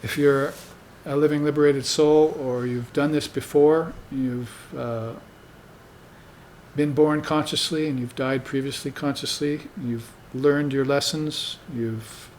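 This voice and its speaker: A man speaking as a spiritual teacher to a room of students, with a mid-pitched voice. He talks in an unhurried, conversational way and keeps checking in with "you see". A faint hiss sits under the recording. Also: steady tone, a little mellow. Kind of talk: dharma talk.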